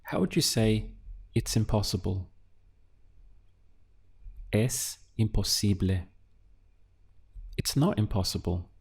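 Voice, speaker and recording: A man teaching a language lesson, speaking calmly and patiently and pausing often so the listener can answer. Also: lowish voice, vocal fry, husky. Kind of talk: slow, deliberate language lesson.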